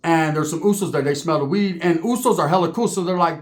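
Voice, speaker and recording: Man, casual profane storyteller; slightly raised pitch. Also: brisk. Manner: profane, rambling, joking.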